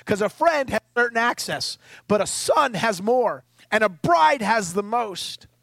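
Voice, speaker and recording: A man's voice: high-pitched, big pitch swings, a little slow, gravelly, a bit bright, dry recording. A middle-aged man preaching a sermon as pastor, emphatic and conversational with rhetorical questions, at times tearful and choked up.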